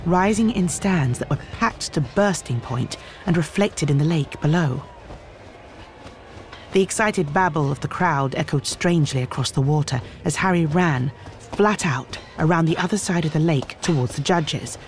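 A man giving a measured, expressive scripted audiobook narration. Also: a little high, a little hiss or hum.

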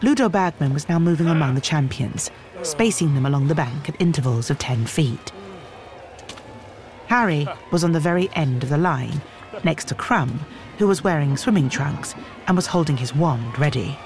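A man giving a measured, expressive scripted audiobook narration. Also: fairly high pitch, faint music behind.

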